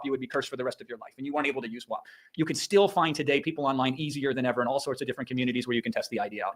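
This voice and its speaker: A middle-aged man from Iowa giving an energetic motivational livestream talk as an online business coach, emphatic and punchy, dropping profanity and sound effects. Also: fairly high pitch. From Iowa, USA.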